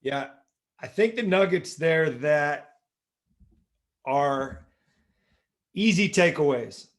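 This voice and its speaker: Male podcast host and coach, slightly raised pitch, thoughtful and summarizing. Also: takes it slowly. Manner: reflective, sums up points, steady backchannels. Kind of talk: conversational interview.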